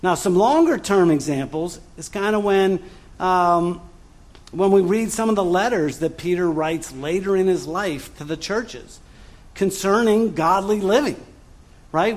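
A man preaching a sermon in a conversational way, with frequent fillers, restarts and asides to the congregation. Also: high-pitched. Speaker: pastor.

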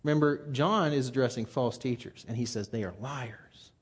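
Animated man preaching a casual sermon. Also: medium pitch, normal speed, slightly rough. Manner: conversational and animated, gets fired up. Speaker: pastor.

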